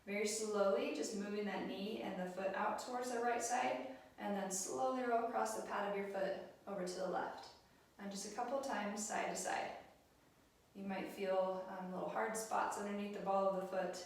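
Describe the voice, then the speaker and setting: A woman leading a yoga class, speaking gently and encouragingly with frequent ums. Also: mid-range voice, fairly even intonation, normal speed. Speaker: yoga instructor. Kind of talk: guided yoga class instruction. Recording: roomy echo, mic set at a distance.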